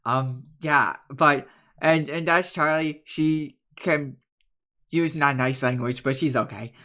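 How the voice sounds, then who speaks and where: A man's voice: a little high, bright, forceful tone. A man voicing a shy, eager young man who stammers and halts as he introduces his friends in a tabletop game. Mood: bashful. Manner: stammering, halting and bashful.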